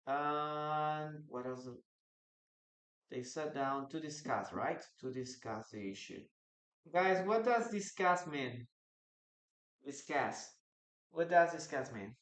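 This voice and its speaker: A man's voice: fairly high pitch, animated, slow, long pauses, fairly bright tone. A man with a Peruvian Spanish accent teaching English in a live online class, answering viewers' questions from the chat. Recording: echoey room.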